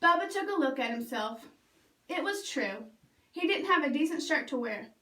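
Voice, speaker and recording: A woman librarian reading a picture book aloud for children in a lively, expressive way. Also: high-pitched, normal speed, far from the mic. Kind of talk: storytime read-aloud. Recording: roomy echo, away from mic.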